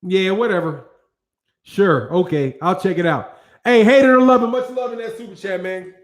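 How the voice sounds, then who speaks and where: A man with a fairly high voice hosts a boxing livestream, answering his viewers' chat as it comes in. He talks loose and slangy and swears freely, speaking straight into a studio mic. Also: normal speed. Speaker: boxing channel host. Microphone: studio microphone with several cameras.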